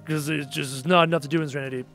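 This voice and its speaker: A tired man hosting a gaming livestream, casually rambling and reading viewer comments aloud, his phrases often trailing off quietly. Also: fairly high pitch, fairly even intonation, racing, soft background music. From Canada. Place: home.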